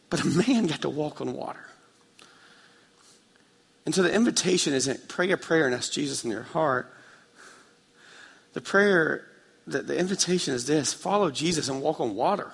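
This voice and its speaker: Male pastor, sermon, bright and forceful voice, passionate, long hall reverb. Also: a little high, normal speed, gravelly, long pauses, breathy edge. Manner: passionate, storytelling, swings from quiet to loud.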